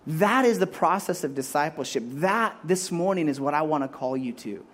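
Animated preacher man, higher voice. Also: moderate pace. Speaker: pastor. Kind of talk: sermon.

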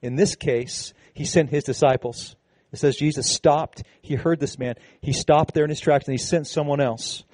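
A man preaching a sermon to his congregation, animated and conversational, with casual asides. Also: a little high, moderate pace, dry recording. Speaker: pastor. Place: church service with a congregation.

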